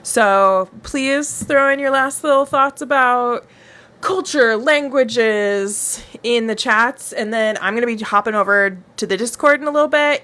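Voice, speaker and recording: Brief: young woman, higher voice, effusive livestream host, repeats herself when excited. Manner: gushing, repeats phrases, with spontaneous asides. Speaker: book club host. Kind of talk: casual livestream chat, reading out viewer comments. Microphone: wireless microphone.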